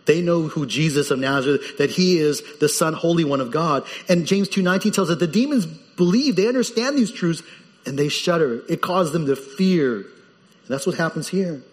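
Animated male preacher in a reverberant hall. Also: normal speed. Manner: animated preaching with sudden pitch jumps for quoted voices. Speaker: pastor. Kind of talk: sermon.

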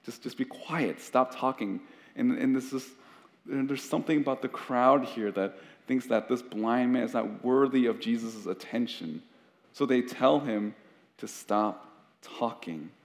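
With a mid-range voice and an unhurried delivery, a man gives a sermon as pastor. He sounds earnest and conversational, frequently restarting his sentences, and the room carries a long hall reverb.

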